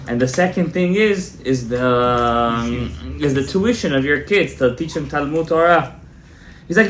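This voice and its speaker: A male rabbi telling a story in a Torah class, animated and joking, mixing in Hebrew terms. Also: medium pitch, normal speed, slight background noise. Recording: echoey room, faint background.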